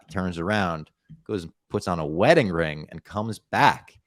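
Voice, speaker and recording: A man's voice: sits low, lively intonation, moderate pace, no room sound, studio quality. A man hosting a podcast in casual chat, making wry, offhand remarks. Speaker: podcast host.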